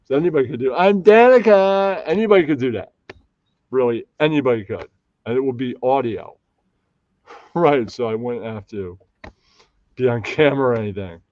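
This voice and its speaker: A man's voice: mid-range voice, moderate pace, long pauses, darkish tone, no echo, highs cut off. A man hosting a casual live stream, rambling and often losing track of names. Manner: rambling, loses names, puts on mocking voices. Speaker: stream host.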